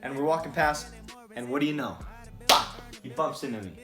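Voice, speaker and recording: A man telling a personal story to camera in a casual, animated and profane way, often checking in with "right?". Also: mid-range voice, quick pace. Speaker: vlogger. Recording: roomy echo, faint music.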